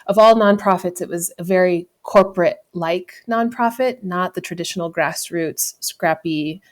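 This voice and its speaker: A woman in her thirties from the United States speaks in a slightly low voice as a podcast guest. She tells a personal story candidly and reflectively, often breaking off to correct herself and laughing now and then. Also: moderate pace. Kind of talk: conversational storytelling.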